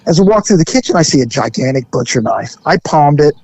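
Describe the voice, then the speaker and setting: A man's voice: on the high side, big pitch swings, quick pace, vocal fry, a little mellow, breathy edge, lo-fi sound. A man hosting a podcast, telling a story in a rambling, joking way. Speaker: podcast host.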